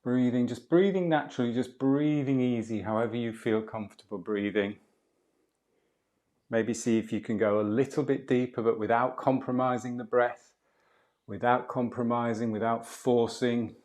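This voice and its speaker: A middle-aged man leads a live qigong and movement class, calmly cueing each breath and posture. His voice sits at an ordinary middle pitch, and he slips easily between slow instructions and relaxed chatty asides.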